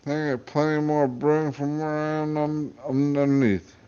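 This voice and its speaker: A man's voice: a little high, steady tone, normal speed, dark tone, smooth, lo-fi sound, close to an everyday voice. A man doing a crude little creature. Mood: offhand. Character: crude scheming small creature, chain-smoking.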